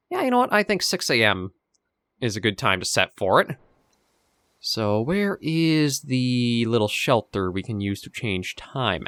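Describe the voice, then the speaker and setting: A man with a mid-range voice hosts his gaming channel, chatting casually over gameplay. He sounds relaxed, thinking aloud with fillers as he goes, and the recording is dry.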